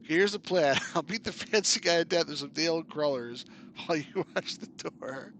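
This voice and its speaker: A man reading out a brash, scheming young woman from a game in a loud, excited voice. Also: a little high, moderate pace, slight background noise. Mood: giddy scheming.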